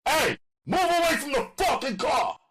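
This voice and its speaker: A man's voice: low voice, lively intonation, a little slow, fairly bright tone, breathy edge, voice pushed down, full character voice. A man voicing a hot-tempered young hustler who barks threats and orders. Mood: menacing. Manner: barked, threatening.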